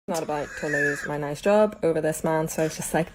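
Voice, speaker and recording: A woman's voice: sits low, fast talker, few pauses. A woman from Ireland with an Irish accent, telling a story in a casual way and acting out both sides of the exchange. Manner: animated, acts out both sides of a dialogue.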